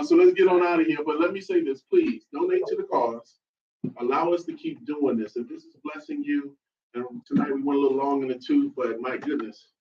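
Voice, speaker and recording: A man's voice: fairly high pitch, darkish tone, a little hiss or hum. A man hosting a couples workshop, affirming and encouraging the group in casual talk. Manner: affirming, encouraging, quick interjections. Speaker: workshop host. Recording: distant, dull room recording.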